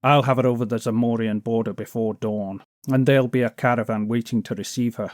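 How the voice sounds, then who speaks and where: A man reading an audiobook, voicing a fat, boastful male kidnapper who talks loudly and mocks his listener. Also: medium pitch, steady tone, fairly quick, no echo, studio quality, close to an everyday voice. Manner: blustering, mocking, self-important.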